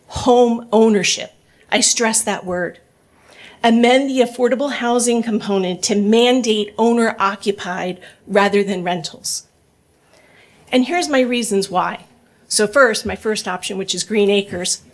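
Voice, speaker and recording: A middle-aged woman giving public comment at a borough council meeting, polite but urgent, mixing a prepared statement with off-the-cuff appeals. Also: on the high side. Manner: earnest, polite, urging, reads prepared points then speaks off the cuff.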